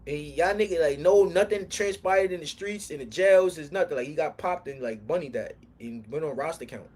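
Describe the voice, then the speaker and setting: A young man from Harlem, telling a long street story on a livestream in a rambling, slang-heavy way that swings from low muttering to loud heated bursts. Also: a little fast, husky. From Harlem, New York.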